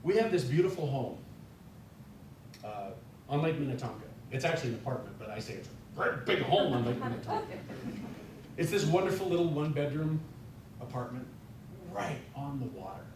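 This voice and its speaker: A man's voice: expressive, a little fast, long pauses. A man from North Dakota giving a chatty, self-deprecating guest sermon, full of fillers and restarts. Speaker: guest speaker. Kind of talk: informal sermon talk. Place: church sanctuary. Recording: echoey church hall, distant mic, faint rumble.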